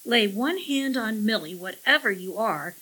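A woman's voice: on the low side, very animated, measured pace, full character voice, rough recording. A woman voicing a defiant young man, challenging and ready to fight. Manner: forceful, challenging.

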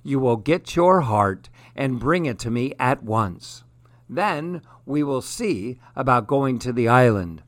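A man voicing a cunning, hungry young male crocodile in a storybook, talking slyly and a little higher than his own voice. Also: lively intonation, slow pace, dry recording. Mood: commanding. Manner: sly and scheming.

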